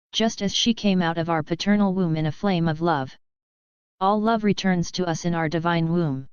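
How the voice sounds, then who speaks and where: A woman giving a slow, measured devotional reading in an even recitation. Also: fairly low pitch, smooth, no room sound. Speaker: reader of devotional writings. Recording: dull lo-fi dry recording.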